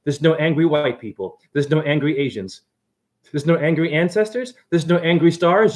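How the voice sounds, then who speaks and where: Excitable high-voiced man preaching. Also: normal speed. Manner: excitable, preachy, jumps between ideas. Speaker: self-styled spiritual teacher. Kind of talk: rambling livestream monologue. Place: apartment.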